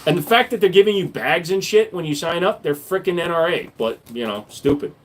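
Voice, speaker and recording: A man hosts a casual livestream and talks in a slightly high voice. He answers viewers' comments with blunt, profane jokes. His delivery is loose and unscripted banter. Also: expressive, fairly quick. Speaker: livestream host reading chat.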